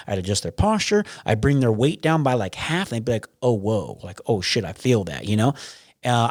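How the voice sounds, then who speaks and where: A man's voice: medium pitch, no room sound, clean studio sound. A man talking as a podcast guest, blunt and frank, with lots of restarts and some swearing. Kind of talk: casual interview.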